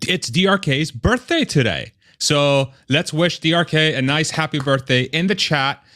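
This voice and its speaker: A man hosting a casual live stream, upbeat and quick to laugh, sometimes tripping over his words. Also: on the high side, lively intonation, fairly bright tone.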